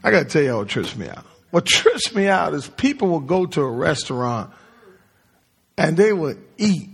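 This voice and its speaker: Sing-song and a little high, his creaky, breathy voice moves at normal speed as he preaches. This pastor questions his congregation in call-and-response, with the church sanctuary producing a long reverb.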